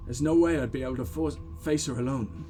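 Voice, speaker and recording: A man voicing a timid young female village shaman in a lowered, hushed and hesitant voice. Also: brisk, soft background music, natural voice. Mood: troubled.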